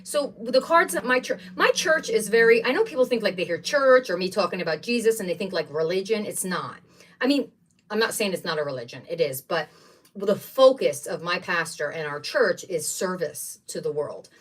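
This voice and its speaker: A middle-aged woman hosting a craft livestream, chatting in a rambling, excitable way while she unpacks supplies at home. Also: mid-range voice, normal speed, far from the mic. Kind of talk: casual chat while unboxing craft supplies.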